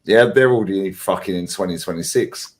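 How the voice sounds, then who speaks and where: A man bantering on a live football fan stream, animated, laughing and swearing freely. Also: low voice, fairly quick.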